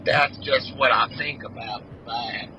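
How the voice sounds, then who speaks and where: The fighter, a California man calling in remotely by video, takes his time here, speaking at a medium pitch with fairly even intonation. Still, his story is heated and rambling, full of slang and swearing, in the manner of a casual, profane interview. The sound is lo-fi and the background noisy.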